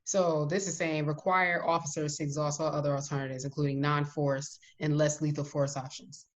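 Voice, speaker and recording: A woman's voice: deep voice, level tone, brisk. A woman co-hosting a casual podcast chat, speaking emphatically and cutting in with firm opinions. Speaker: podcast co-host.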